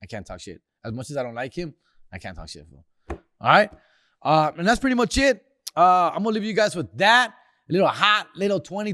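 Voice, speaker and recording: A man rants about sports in a loose, profane street drawl, tossing in Spanish slang. His voice sits a bit high for a man. The sound is dry and close, with no room around it. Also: fairly bright tone, dry recording. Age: older. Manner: slangy, profane, mixes Spanish words into English. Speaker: comedian hosting a sports segment. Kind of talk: casual sports rant.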